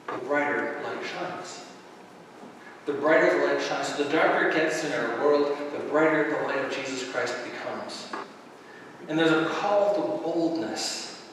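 A man from the Canadian Maritimes preaching a sermon as pastor, animated and often laughing and acting out voices. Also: on the high side. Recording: echoey hall, speaker far from the mic, faint noise.

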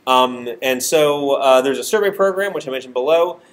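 A man's voice: mid-range voice, moderate pace. A man with a nasal voice giving a university programming lecture in a classroom, talking informally with many fillers and self-deprecating asides. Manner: filler-heavy, self-deprecating, restarts often. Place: classroom with hard walls.

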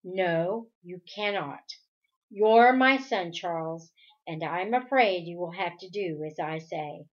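Lady doing a tired dad, low and quiet and slow, muffled sound. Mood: weary. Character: weary, stern father. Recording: dull lo-fi recording.

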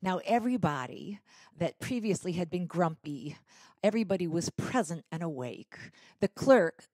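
A woman guest speaker telling a sermon story in a lowish voice. Her delivery is gentle and reflective, often sinking to a soft hush. The sound is close and dry. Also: dry recording. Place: church service.

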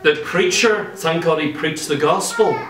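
High-voiced Irish preacher in an echoey church. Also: male voice, measured pace, music in the background. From Ireland. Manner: lively storytelling, acts out quoted speech. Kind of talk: sermon. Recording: echoey church room, mic at a distance.

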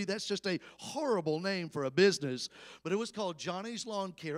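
A Southern evangelist in his fifties with an Alabama accent and a fairly high voice, telling stories from the pulpit. His delivery is emphatic and folksy, with frequent calls out to the congregation. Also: fairly bright tone. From Alabama, USA. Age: 50s. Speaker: evangelist preacher. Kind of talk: storytelling sermon.

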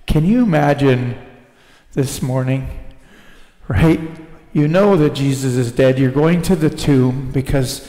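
A man preaching to his congregation, slow and deliberate, drawing listeners in with rhetorical "right?" asides as he prays and retells scripture. His voice rings through a church sanctuary with a long, roomy reverb. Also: mid-range voice, warm tone. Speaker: pastor. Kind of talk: sermon.

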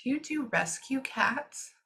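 A woman working as a psychic medium, giving a reading to a client and relaying messages in quick, chatty asides. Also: sits high, lively intonation, gravelly, pushed and bright.

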